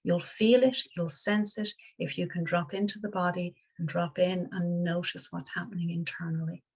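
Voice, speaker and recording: A middle-aged woman giving a dharma talk as a Buddhist teacher, gentle and reflective, pausing and restarting often. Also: on the low side, steady tone, husky, poor audio.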